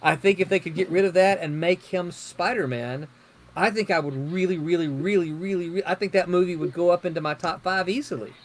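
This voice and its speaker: Halting man hosting a chat. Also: high-pitched. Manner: halting, repeats words, laughs easily. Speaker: panel host. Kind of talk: casual group chat.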